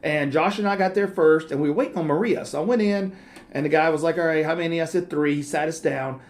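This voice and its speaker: Teasing man co-hosting a podcast. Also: on the high side. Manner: joking, teasing, quick asides. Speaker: podcast co-host. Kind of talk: casual chat, storytelling.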